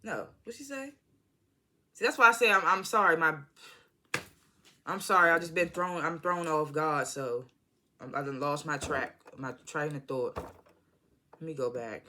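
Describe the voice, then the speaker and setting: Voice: mid-range voice, measured pace, pauses often, pushed and bright, slight background noise. A vlogger recapping a TV episode in a casual, slangy, profane way, rambling and apologizing often. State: irritated by background noise.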